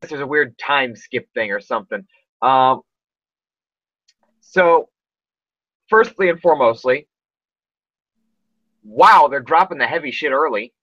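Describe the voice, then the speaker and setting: A man's voice: medium pitch, expressive, slow, pauses often, bright, forceful tone, no room sound, lo-fi sound. A man hosting a casual podcast chat, rambling with lots of fillers and restarts. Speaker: podcast host.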